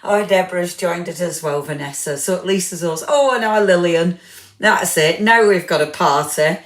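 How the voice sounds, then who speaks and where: A woman's voice: lowish voice, normal speed. A woman hosting a craft live stream, chatting casually and greeting viewers by name, tired after a big dinner. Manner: chatty, warm greetings, many fillers, self-deprecating. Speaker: livestream craft host. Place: home craft room. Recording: echoey room.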